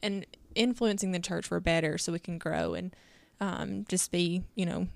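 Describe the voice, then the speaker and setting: Young mom chatting about church, bit of vocal fry, laughs a lot, dry mic. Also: female voice, on the low side, fairly even intonation, moderate pace, dry recording. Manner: earnest, chatty, laughs often. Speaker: podcast co-host. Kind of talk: casual faith discussion.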